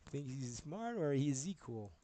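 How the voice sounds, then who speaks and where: A man's voice: medium pitch, sing-song, a little slow, mellow, dry recording. A man live-streaming, talking in a rambling way, swearing and jumping between topics as he goes.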